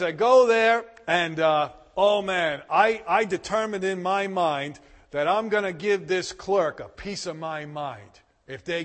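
A man preaching a sermon, telling a personal story with emphatic, animated delivery and loud bursts. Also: a little high, big-room sound. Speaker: pastor.

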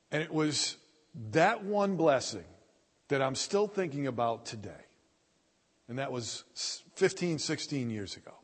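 Pastor preaching in a reverberant hall. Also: male voice, fairly high pitch, creaky, slightly rough. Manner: warm storytelling with many restarts and fillers. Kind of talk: sermon. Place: church sanctuary.

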